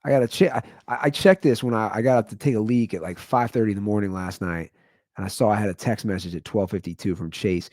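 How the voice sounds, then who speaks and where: A man in his thirties hosting his own comedy podcast, rambling through a monologue and jumping into high, incredulous exclamations. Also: fairly even intonation, fast talker, darkish tone, no echo, clean studio sound.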